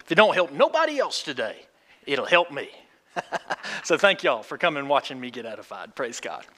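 A man's voice: medium pitch, very animated, fairly quick, pushed and bright. A man preaching a sermon in a folksy way, asking the congregation questions. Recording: long hall reverb.

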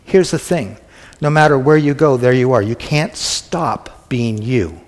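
A man's voice: medium pitch, lively intonation, unhurried. A man preaching a conversational sermon who often asks the congregation questions. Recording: echoey hall.

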